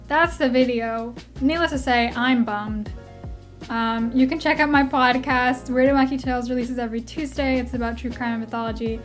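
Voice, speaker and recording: A young woman vlogger reacting casually, talking in an animated, blunt and sweary way. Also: a little high, normal speed, faint music behind.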